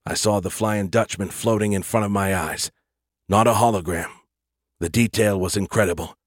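Husky, dry-voiced man narrating an audiobook. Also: lowish voice, fairly even intonation, normal speed, no room sound. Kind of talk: first-person audiobook narration.

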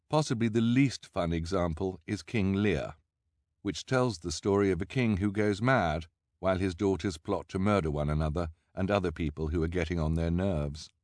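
A man with a very deep voice reads an audiobook in a wry, measured way, savoring each dry aside. The sound is close and dead, with no room around it. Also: dry recording. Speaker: audiobook narrator. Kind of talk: scripted narration.

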